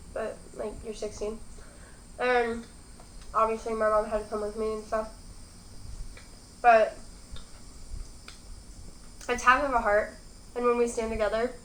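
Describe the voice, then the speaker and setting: With a slightly high, fairly bright voice, a young adult woman rambles casually through her eating vlog, filling the gaps with plenty of filler words. Faint background noise and a roomy echo are audible in the recording.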